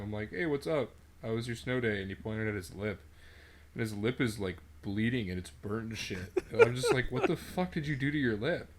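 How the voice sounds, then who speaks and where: A young man co-hosting a casual podcast, laid-back and swearing freely as he tells stories about his students. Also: lowish voice. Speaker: podcast co-host and teacher.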